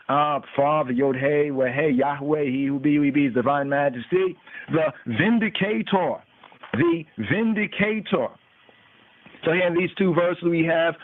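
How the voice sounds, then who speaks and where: A man teaching scripture, translating word by word and repeating each word before he goes on. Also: fairly high pitch. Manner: repeats and chants words, pausing between phrases. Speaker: radio podcast host teaching scripture. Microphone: phone call-in line. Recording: tinny phone line, distant from mic.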